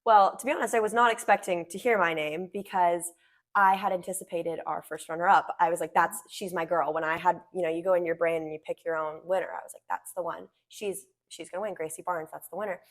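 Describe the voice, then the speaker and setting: A teenage girl from Washington State, a pageant titleholder, telling stories in a chatty, animated way with lots of "like". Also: on the low side, quick pace. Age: teens. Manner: chatty, animated storytelling, frequent "like". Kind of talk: casual interview chat.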